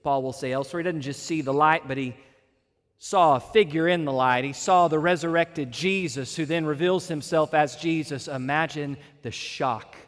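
A man with a high voice preaches an expository sermon, leaning hard on key words and drawing them out for emphasis. His voice rings with the long reverb of a large hall. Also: moderate pace. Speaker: pastor.

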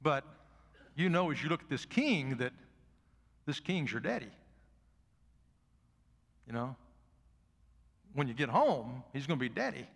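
An older man and pastor preaching a sermon in a church. He is folksy and swings from loud emphatic peaks to soft asides. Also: medium pitch, very animated, slow, long pauses, breathy edge, long reverb tail. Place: church sanctuary.

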